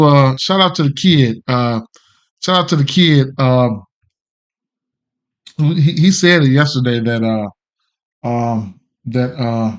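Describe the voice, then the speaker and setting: A man hosting a sports betting livestream, chatting casually in a loose, rambling, slangy way and greeting viewers by name. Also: medium pitch. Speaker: sports betting podcast host. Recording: dull lo-fi stream audio.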